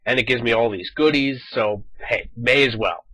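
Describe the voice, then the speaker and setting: A man chatting casually over his gameplay footage, animated and talkative, acting out quoted lines as he goes. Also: medium pitch, moderate pace, poor audio. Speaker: gaming video host.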